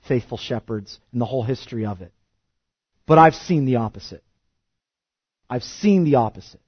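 A man preaching a sermon with passion, firing rhetorical questions and swinging from quiet to loud. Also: a little high, dry recording, lo-fi sound. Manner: impassioned, rhetorical questions, wide swings of loudness. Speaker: pastor.

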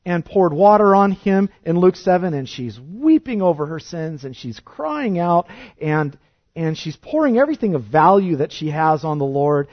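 A man's voice: high voice, no room sound. Man, pastor, impassioned sermon, rhetorical questions, dry close sound, dull lo-fi audio. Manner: impassioned, rhetorical questions, wide swings of loudness.

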